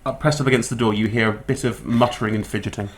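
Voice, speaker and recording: A British woman running a tabletop game as dungeon master, narrating in a relaxed, amused way. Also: rumbling low, quick pace, slight background noise.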